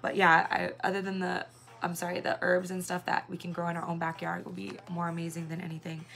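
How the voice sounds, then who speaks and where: A woman's voice: lowish voice, monotone, fast, creaky, fairly bright tone, soft background music. A woman in her thirties from Hawaii, a singer and mother, chatting casually on a livestream and rambling with many fillers.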